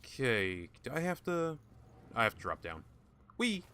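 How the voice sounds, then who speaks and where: A man's voice: medium pitch, big pitch swings, unhurried, sharp tone, clean tone. A man giving casual gameplay commentary, joking, swearing often and talking to game characters. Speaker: gaming YouTuber.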